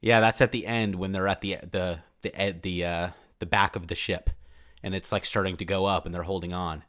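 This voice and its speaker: A young man co-hosting a relaxed podcast. He talks in a slangy, joking, laid-back way. His voice is on the low side but comes across bright and forceful, with a slightly tense edge. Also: a little fast. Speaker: podcast co-host. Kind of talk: casual movie-review chat.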